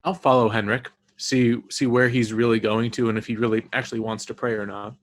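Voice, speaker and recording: Steady man playing a tabletop game. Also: mid-range voice, fairly quick. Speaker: player. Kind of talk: tabletop role-play.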